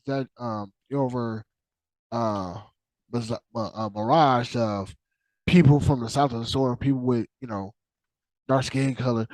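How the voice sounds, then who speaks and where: In a dry recording, a medium-pitched man rants casually at a moderate pace as a podcast host. The talk is animated and laced with swearing, looping back on itself with frequent restarts and trailing fillers.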